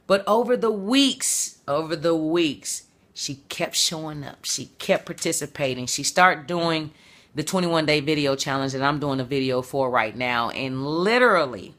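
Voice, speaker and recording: A woman's voice: low voice, a bit bright. A woman entrepreneur talking to camera in a passionate, motivational monologue, repeating words for emphasis. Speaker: vlogger and entrepreneur.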